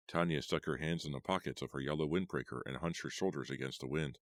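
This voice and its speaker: A man narrating an audiobook in an expressive storytelling manner. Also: very deep voice, fast, hardly any pauses, no echo, clean studio sound.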